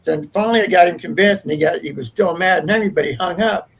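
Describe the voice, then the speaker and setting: A man with a husky, slightly high voice tells a ghost story. He is a paranormal investigator and talks in an earnest, rambling, casual way. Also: fast, rough recording.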